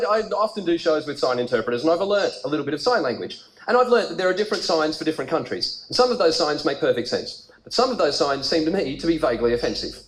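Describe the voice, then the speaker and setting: An Australian man performing stand-up in a large theatre, his fairly high voice bouncing around a roomy hall. He spins stories in an easy, chatty way, then jumps up with lively, animated punchlines. The live recording carries clear audience noise and reverb behind him. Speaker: stand-up comedian. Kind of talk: stand-up comedy routine.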